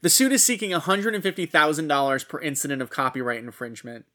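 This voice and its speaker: A man's voice: a little high, very animated, fast, bright, forceful tone. A man co-hosting a casual gaming news podcast, profane and punchy, reading stories and quotes aloud. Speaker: podcast co-host.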